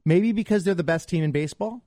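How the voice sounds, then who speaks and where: A man's voice: high-pitched, quick pace, dark tone, dry recording, studio quality. A man from Montreal co-hosting a casual sports chat, wry and teasing. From Montreal, Canada. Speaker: podcast co-host.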